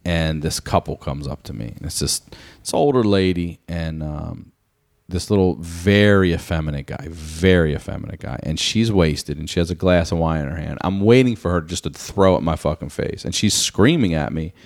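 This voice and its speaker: A comedian telling a profane story on a podcast, acting out the people in it. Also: male voice, low-pitched, normal speed, gravelly, a little mellow. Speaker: comedian guest.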